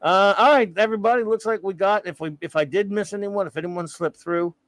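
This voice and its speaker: A man chats casually as a podcast co-host, wandering off into jokes and impressions. His voice sits high for a man. The sound is close and dry, with no room around it. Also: fairly even intonation, brisk, fairly bright tone, no echo, poor audio. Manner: jokey, rambling, drops into impressions. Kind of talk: casual chat.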